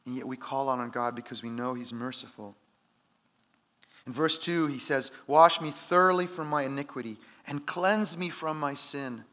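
A man's voice: medium pitch, normal speed, fairly bright tone. A man preaching a sermon in an earnest, conversational way, with emphatic rises. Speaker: pastor.

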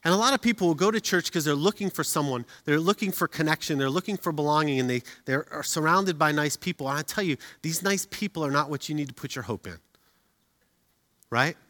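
A middle-aged man preaching a sermon as a pastor, telling stories with humor and animated delivery. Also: a little high, fairly quick. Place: church auditorium. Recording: reverberant hall.

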